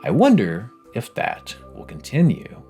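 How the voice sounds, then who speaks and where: A man narrating a scripted game review video, animated, wry and self-mocking. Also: medium pitch, measured pace, faint music behind.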